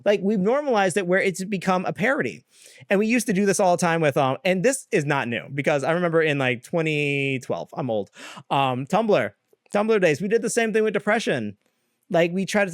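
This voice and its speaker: A man's voice: fairly high pitch, animated, normal speed, no room sound. Rambling young man, dry close podcast voice. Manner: candid, rambling, with many fillers and laughs. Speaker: podcast host. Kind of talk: casual solo podcast rant.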